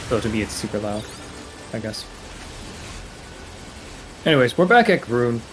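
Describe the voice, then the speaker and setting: A man explaining a speedrun route as he plays, in a halting, loose live-stream commentary style. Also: medium pitch, very animated, background noise. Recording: game music playing behind the voice.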